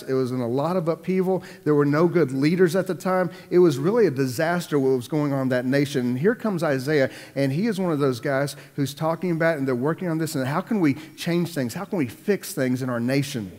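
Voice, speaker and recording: A man preaching a sermon, repeating words for emphasis and swinging between loud, raised lines and hushed ones. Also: on the high side, big-room sound. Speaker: pastor.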